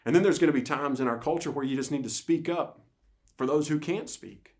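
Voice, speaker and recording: A man's voice: on the high side, a little fast, darkish tone. A man preaching a livestream sermon as pastor, emphatic and repeating phrases, often restarting mid-sentence.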